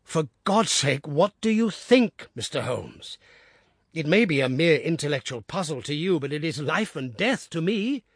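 Guy playing an anxious earnest gentleman, pleading, swinging voice, dry recording. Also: mid-range voice, big pitch swings, moderate pace, slightly rough, dry recording.

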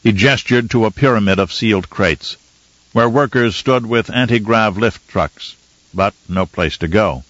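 A man narrating an audiobook in a measured, steady way. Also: on the low side, no room sound, dull audio. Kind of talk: scripted narration.

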